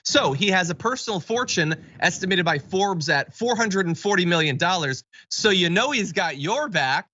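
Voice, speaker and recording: A man's voice: high-pitched, expressive, pushed and bright, dry recording, highs cut off. A man hosting a live political news show, delivering the stories with dry, sarcastic commentary. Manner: sarcastic, wry and quick. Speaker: news talk show host.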